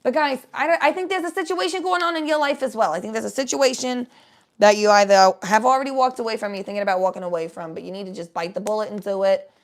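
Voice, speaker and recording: A woman's voice: mid-range voice, fast, close to an everyday voice. A woman voicing a silly psychic stoner woman in a put-on New Jersey accent, giving a brash, profane live-stream tarot reading.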